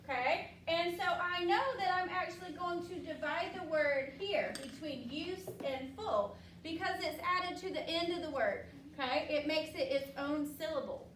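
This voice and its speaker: A high-pitched woman teacher runs a phonics lesson in an upbeat, patient way, stretching words out slowly for the children. She sounds far from the microphone in an echoey classroom with a faint hiss behind her. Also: fairly bright tone.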